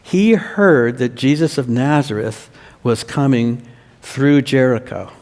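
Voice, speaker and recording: A man, a pastor, telling a children's sermon as a slow story and asking the children questions. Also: medium pitch, darkish tone. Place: church. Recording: long church reverb.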